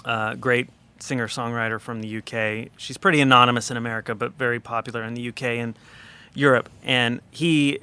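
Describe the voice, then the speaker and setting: A man with a bright, crisp voice recounts a studio anecdote as a podcast guest. He talks in a chatty, animated way, leaning on fillers and asides as he goes. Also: medium pitch, fairly quick. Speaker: record producer guest. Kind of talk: casual storytelling in a podcast interview.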